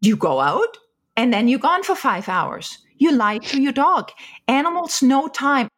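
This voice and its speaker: A woman with a fairly high voice talks through her ideas in an interview. She explains patiently and leans on everyday examples to make each point land. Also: big pitch swings, measured pace, a bit bright. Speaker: animal communicator guest.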